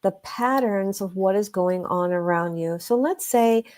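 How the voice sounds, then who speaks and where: A woman guest, an energy healer, telling stories in a conversational way, earnest and emphatic, slowing down to stress her points. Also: mid-range voice, a little mellow. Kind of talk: conversational storytelling.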